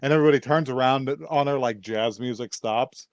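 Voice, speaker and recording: A man talks through a story in a relaxed podcast chat, rambling and swearing as he goes. His voice sits at an ordinary middle pitch. The sound is dry and close, with no room echo. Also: fairly quick. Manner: rambling, swears freely, laughs often. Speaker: podcast co-host. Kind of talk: casual recap chat.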